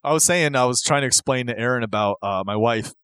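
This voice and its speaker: Guy rambling excitedly on a podcast, lots of likes and uhs, mid voice, super dry mic. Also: medium pitch, fast talker, clean tone, dry recording. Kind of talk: casual chat.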